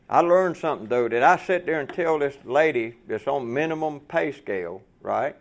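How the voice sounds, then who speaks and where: A man's voice: fairly high pitch, animated, brisk. A man preaching a folksy sermon to fellow truckers, asking the room rhetorical questions.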